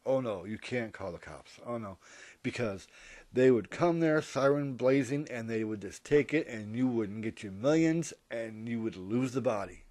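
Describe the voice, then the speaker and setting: A man's voice: mid-range voice, lively intonation, moderate pace, darkish tone, dry recording. A man rambling through a comedic monologue, interrupting and correcting himself as he goes. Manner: rambling, hypothetical, self-interrupting. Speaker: vlogger.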